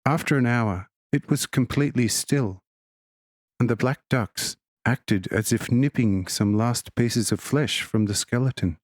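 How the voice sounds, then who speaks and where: A man with a middle-pitched voice reads a religious text for an audiobook, keeping steady and measured from line to line. The recording is dry and close, without any room echo.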